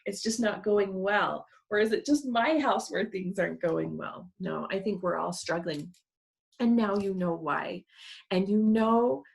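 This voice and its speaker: A woman's voice: mid-range voice, creaky. A middle-aged woman teaching parents in an earnest, conversational webinar, explaining with a hand model. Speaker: parent educator.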